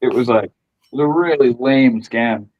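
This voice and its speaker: A man's voice: medium pitch, moderate pace. Easygoing man on a dull lo-fi mic. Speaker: artist. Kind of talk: casual chat. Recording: dull lo-fi sound.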